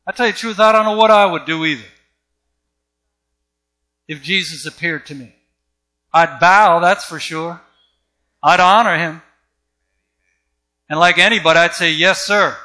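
A man's voice: a little high, moderate pace, long pauses, sharp tone. A man preaching a sermon with an emphatic, repetitive cadence.

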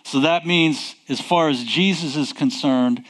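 A man preaching a sermon, emphatic and deliberate, posing rhetorical questions and answering them himself. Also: a little high, fairly bright tone.

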